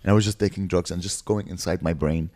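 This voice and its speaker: Young male comic, lowish voice, loose rambling podcast storyteller. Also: fairly even intonation, quick pace, mellow. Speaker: comedian and podcast co-host. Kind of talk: casual podcast chat.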